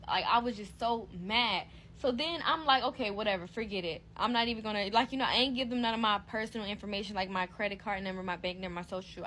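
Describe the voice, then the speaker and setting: A woman's voice: a little high, a little hiss or hum. A young woman telling a casual storytime vlog, full of fillers and acting out both sides of a conversation. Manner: animated retelling, heavy fillers, acts out both sides. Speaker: vlogger.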